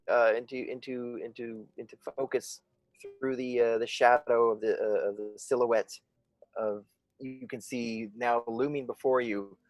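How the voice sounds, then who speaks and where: Man, game master, halting narration, dry close sound. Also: medium pitch, no room sound. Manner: halting, searching for words.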